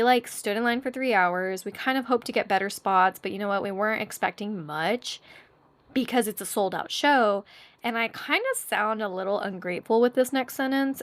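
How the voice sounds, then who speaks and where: A young woman, hosting a podcast and telling a story in a chatty, animated way, squeaking when she acts out quotes. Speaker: podcast host. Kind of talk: casual storytelling monologue.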